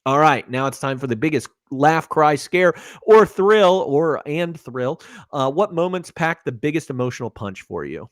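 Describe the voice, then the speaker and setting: A man's voice: a little high, expressive, normal speed, no echo, clean studio sound. A man co-hosting a casual movie-review podcast, rambling, with lots of fillers and restarts. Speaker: podcast co-host.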